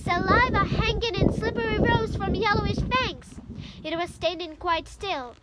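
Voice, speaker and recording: High-voiced woman reading aloud. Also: bright, forceful tone, slight background noise. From Ukraine. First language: Ukrainian. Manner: careful reading with slips and restarts. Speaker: reader.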